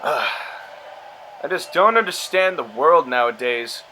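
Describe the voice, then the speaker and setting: A man's voice: a little high, lively intonation, slow pace, pushed and bright, slight background noise, low-quality recording. A man giving casual, rambling play-by-play commentary over a video game wrestling match, sarcastic and prone to exasperated outbursts. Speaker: commentator and show host.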